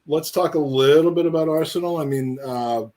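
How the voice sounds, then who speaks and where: A man's voice: fairly high pitch, a little fast, mellow. Rambling, jokey male podcast host. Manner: rambling, jokey, many restarts. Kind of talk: casual live-stream chat.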